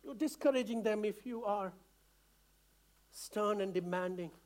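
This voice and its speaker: A man's voice: high-pitched, unhurried, darkish tone. A man from India preaching a sermon to a church congregation, earnest and impassioned, stumbling over restarts and calling out to the congregation. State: emotional. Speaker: pastor.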